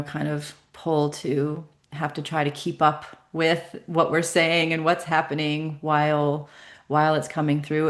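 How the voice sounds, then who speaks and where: A woman hosting a spiritual session, talking gently and reading listener comments aloud. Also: low-pitched. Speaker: host of a meditation show.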